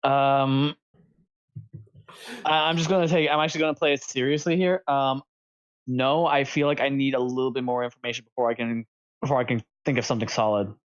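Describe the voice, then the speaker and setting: Stammering male tabletop player, smooth tone, lo-fi mic. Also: mid-range voice, fairly even intonation, fairly quick. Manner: stammering, repeats words. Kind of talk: casual chat at a game table.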